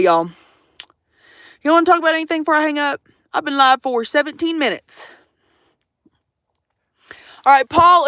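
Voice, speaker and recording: A young woman with a drawl livestreams from her van into a phone, teasing her viewers and swearing freely. Her voice sits a bit high and swings widely in pitch. The sound is close and dry, with no room ring. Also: fairly bright tone, no echo. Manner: swearing, teasing, sassy, addresses viewers as y'all. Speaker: vanlife livestreamer. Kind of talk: casual livestream chat.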